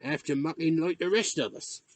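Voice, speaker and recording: A man doing a gruff old countryman. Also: fairly high pitch, normal speed, no echo, pitched above the performer's own voice, natural voice. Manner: rural dialect, terse. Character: gruff elderly countryman, curt and grudging.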